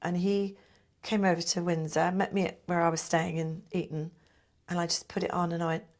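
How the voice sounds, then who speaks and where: A middle-aged woman and pantomime performer chatting in an interview, telling lively stories and acting out what people said. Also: on the low side, fairly quick. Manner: chatty, animated storyteller who acts out quotes. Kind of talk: casual interview chat.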